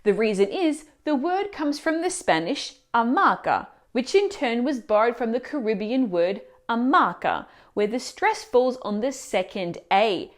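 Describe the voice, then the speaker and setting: Lively woman explaining pronunciation. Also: fairly high pitch, unhurried, few pauses. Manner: clear, explanatory, asks the viewer questions. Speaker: Italian language teacher. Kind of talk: scripted video lesson narration.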